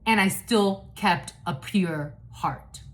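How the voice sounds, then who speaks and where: A woman's voice: mid-range voice, slow pace, a bit bright. Woman psychic reader, casual monologue, blunt, profane, rambling, laughs a lot. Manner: rambling, with many restarts. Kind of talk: casual spiritual reading monologue.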